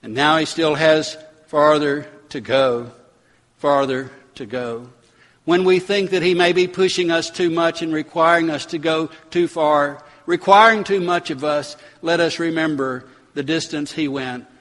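A man preaching a sermon, building to dramatic emphatic bursts and slowing on key words. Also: a little high, fairly even intonation, fairly bright tone. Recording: long hall reverb.

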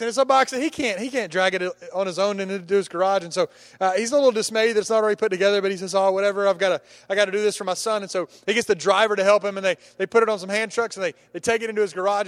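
A man preaching a sermon, telling a humorous story with many restarts and acting out the characters' lines. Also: sits high.

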